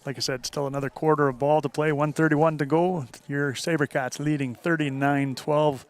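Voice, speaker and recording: An easygoing man calls play-by-play for a local football broadcast. His delivery is folksy and steady. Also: on the high side, normal speed. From Northern Ontario. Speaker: play-by-play commentator. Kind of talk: live football commentary.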